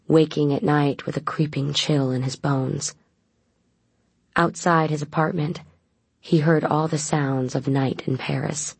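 Audiobook narrator, measured scripted reading, husky and raspy, dry close mic. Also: medium pitch, a little mellow, dry recording.

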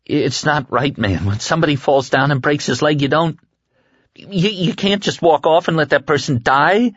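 A man voicing a young adult man who is desperate and near tears, in a high, strained, pleading voice. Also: normal speed, fairly bright tone, husky, no echo. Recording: dull lo-fi dry recording.

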